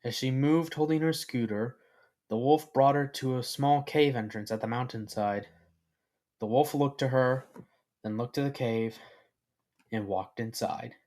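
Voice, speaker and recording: A man reading his own fan fiction story aloud as narrator, unhurried and with halting restarts. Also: medium pitch, darkish tone.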